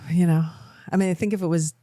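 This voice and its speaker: Mellow-voiced middle-aged woman, rambling. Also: lowish voice, fairly even intonation, fast talker, no room sound, studio quality. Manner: emotional, rambling storytelling. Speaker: podcast co-host. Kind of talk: casual chat.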